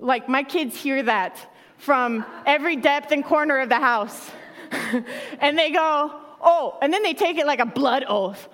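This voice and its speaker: A woman's voice: high voice, unhurried, fairly bright tone, big-room sound. A woman pastor preaching a sermon in a conversational way, laughing often and acting out quotes.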